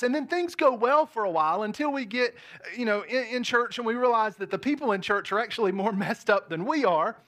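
Guy preaching in a big church, high voice, jokey and lively, keeps asking the crowd stuff. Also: a little fast. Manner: lively, joking, talks to the congregation. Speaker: pastor. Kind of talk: sermon. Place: large church hall with balcony.

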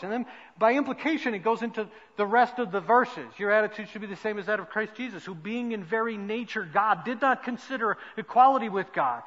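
A man preaching a sermon as pastor, swinging between loud emphasis and quiet asides. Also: sits high. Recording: dull lo-fi sound with long hall reverb.

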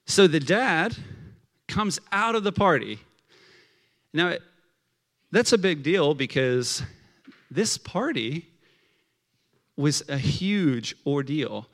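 Laid-back male preacher giving a relaxed, talky sermon. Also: on the high side, slow, pauses often. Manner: conversational, many fillers of like, acts out quotes. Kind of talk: casual sermon.

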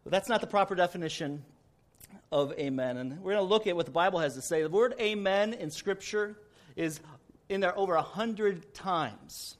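A man's voice: sits high, moderate pace. A male pastor preaching a sermon in a folksy, joking, storytelling way.

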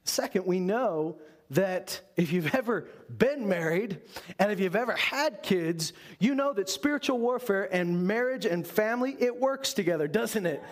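A man with a high-pitched voice preaches a sermon. He speaks earnestly as a pastor and poses rhetorical questions to the congregation. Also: animated, moderate pace.

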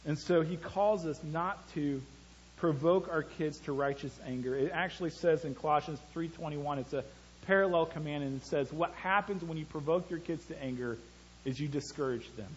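A man's voice: on the high side, slight background noise. A man, a pastor with young sons, preaching a sermon in a conversational way and telling stories from family life. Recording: dull lo-fi church recording.

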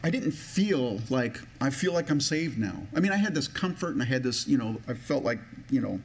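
A man's voice: medium pitch, sing-song, moderate pace, vocal fry, husky. A man preaching a sermon in a personal, conversational way, with many restarts and a touch of emotion. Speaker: pastor.

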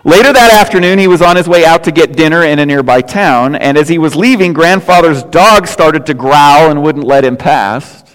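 A man's voice: a little high, normal speed, few pauses, a bit bright, clean tone. An older man preaching a sermon as pastor, telling folksy stories and jokes with casual asides. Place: church sanctuary. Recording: long hall reverb.

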